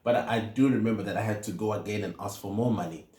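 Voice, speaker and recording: A man with a South African accent, a counselling psychologist, telling a personal story in a measured, hesitant way with many fillers. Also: on the low side, darkish tone. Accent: South African English. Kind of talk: reflective personal talk. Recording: echoey room with faint noise.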